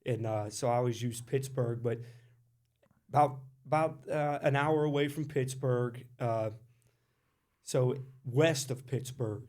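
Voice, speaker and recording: A man's voice: medium pitch, measured pace, a little mellow. A man from West Virginia, a podcast guest and Marine veteran, telling stories casually in a loose, talkative way with lots of fillers. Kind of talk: casual storytelling.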